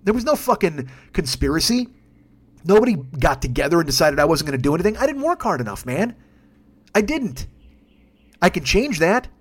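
A man's voice: on the high side, sing-song, moderate pace, slightly rough. A man in his fifties hosting a podcast, ranting alone with heavy swearing. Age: 50s. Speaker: podcast host. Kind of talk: solo ranting monologue.

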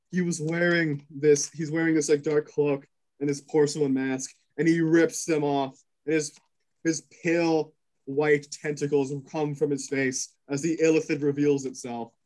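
A man running a tabletop game, slightly higher-voiced than most men. He narrates the chaos in bursts, swearing freely and padding the pauses with ums and uhs. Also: a little mellow, low-quality recording. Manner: rapid, crude narration full of fillers. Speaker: game master.

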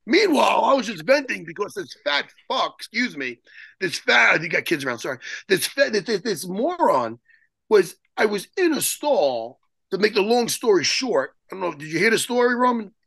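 A man telling a story as a guest in an interview, excitable and profane, rambling and restarting his sentences. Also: high-pitched, moderate pace, creaky, breathy edge, no room sound. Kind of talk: animated storytelling in a podcast interview.

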